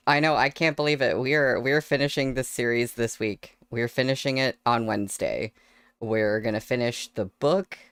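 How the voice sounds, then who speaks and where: A woman's voice: extremely low pitch, clear, resonant tone, dry recording. A woman chatting casually on her livestream into a desk microphone, laughing often between words. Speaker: streamer reading novels aloud.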